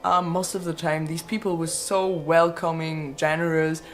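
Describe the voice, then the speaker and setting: Chatty young woman with a lowish voice. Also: level tone, moderate pace. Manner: chatty, laughs often, swears casually. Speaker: vlogger answering viewer questions. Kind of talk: casual Q&A chat.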